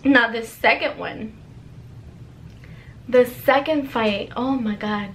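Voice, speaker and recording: A young woman casually telling a personal story to her viewers, chatty and animated, with lots of "like". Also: fairly high pitch, slow, long pauses, slight background noise.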